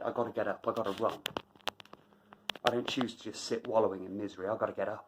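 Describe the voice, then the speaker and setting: A man's voice: on the low side, fairly even intonation, fast talker, a little hiss or hum, rough recording. A man delivering an emphatic motivational monologue as a running vlogger, driving points home by repeating phrases.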